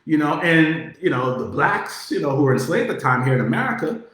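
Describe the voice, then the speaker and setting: A man giving a casual political monologue, talking in a profane, animated way, with many filler words. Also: fairly high pitch, brisk. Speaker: political commentator. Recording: very echoey room.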